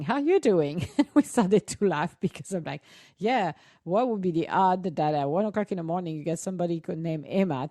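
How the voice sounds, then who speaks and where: A woman with as her talks casually to her live-stream audience, rambling through restarts and breaking into laughs. Her voice sits low with a mellow, soft tone, and the recording is dry and close. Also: gravelly, no echo. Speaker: host.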